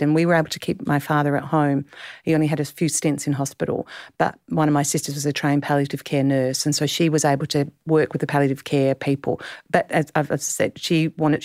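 A middle-aged Australian woman, an author being interviewed, speaking in a heartfelt, halting way with many restarts. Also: sits low, a little mellow, dry recording, studio quality. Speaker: author guest. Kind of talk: reflective interview conversation.

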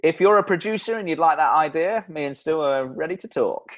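A man co-hosting a casual comedy podcast, his voice sitting a little high and bouncing around animatedly. He jokes, rambles and laughs easily as he talks. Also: animated. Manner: joking, rambling, quick to laugh. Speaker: podcast co-host.

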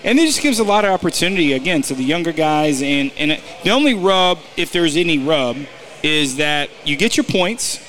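Halting man talking golf picks. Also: a little high, animated, fairly bright tone. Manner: halting, many restarts, teasing. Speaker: golf podcast co-host and picks analyst. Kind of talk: casual sports chat.

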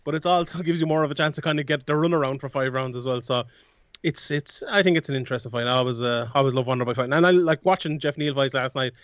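A man's voice: mid-range voice, quick pace, a bit bright, dry recording, highs cut off. A man, a guest analyst in a casual sports chat, rambling with many restarts and frequent laughs.

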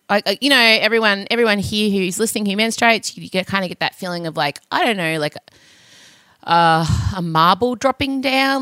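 A woman's voice: medium pitch, a little fast, fairly bright tone, dry recording. A woman, co-hosting a chat podcast and telling a story with dramatic, wry humor. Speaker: podcast co-host.

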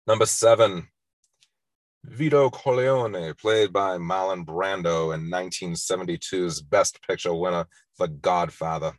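A man's voice: sits low, a little slow, no room sound. A man hosting a casual movie countdown, talking wryly and sarcastically with frequent laughs. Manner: wry, sarcastic, laughs often. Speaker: host.

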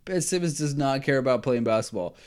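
Guy hosting a sports podcast, mid-pitch voice, rambly and opinionated, lots of "like" and "right?", laughs at his own takes. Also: fairly quick, clean tone. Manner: animated, rambling, frequent "right?" and "like"; chuckles at his own points. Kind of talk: casual opinionated sports talk.

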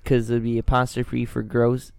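A young man, co-hosting a casual podcast and speaking haltingly with many fillers. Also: medium pitch, monotone, gravelly, darkish tone, clean tone. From Illinois, USA. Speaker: podcast co-host.

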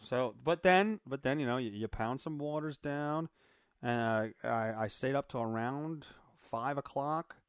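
A man's voice: mid-range voice, unhurried, smooth, no echo, clean studio sound. A man hosting his own podcast, rambling and swearing as he tells a story and greets live viewers. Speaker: podcast host. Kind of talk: casual live-stream monologue.

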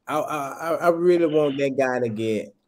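A man on a casual sports podcast who speaks hesitantly, in halting bits. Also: mid-range voice.

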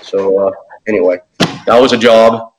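A man telling a story as an interview guest in a casual, animated way, acting out quotes in other voices and saying "man" and "dude" often. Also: lowish voice, moderate pace, slight background noise, poor audio. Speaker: podcast host.

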